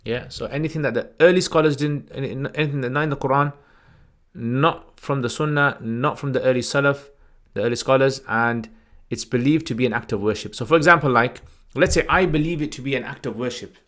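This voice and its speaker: A man's voice: mid-range voice, a little fast, fairly bright tone. A man answering viewers' religious questions on a livestream. He reads out names and questions and then answers in a casual way, with fillers and restarts. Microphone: desk microphone.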